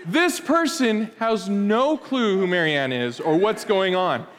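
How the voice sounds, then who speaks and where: A man in his thirties, a pastor preaching a sermon, telling stories in an animated, playful way with asides to the congregation. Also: high-pitched, slow, big-room sound, a crowd in the background.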